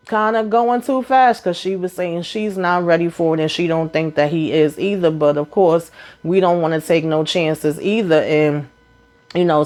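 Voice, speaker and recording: A woman with a deep voice hosts a TV recap, talking through an episode. She retells scenes loosely and with animation, jumping into the characters' lines and relying heavily on fillers.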